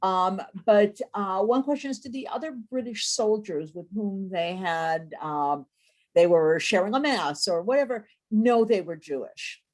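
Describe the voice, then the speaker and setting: A woman's voice: medium pitch, a little slow, darkish tone. Hesitant woman moderator reading questions. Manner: hesitant, many ums while reading out questions. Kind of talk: virtual lecture moderation. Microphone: video call.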